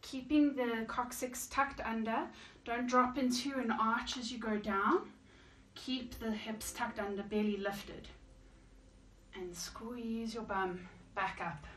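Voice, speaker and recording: On the high side and slow-paced, a woman's voice calmly counts breathing and squat cues as she leads a yoga class and does the moves too. She's slightly out of breath. The mic sits far away in an echoey room, with a faint hiss.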